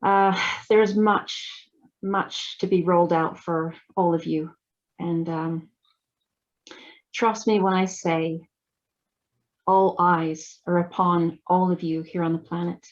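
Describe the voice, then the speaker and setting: Woman channeling a loving divine father spirit, trance channeling, slow halting delivery, muffled audio. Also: fairly low pitch, steady tone. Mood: tender, reassuring. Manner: slow, halting, gentle blessing.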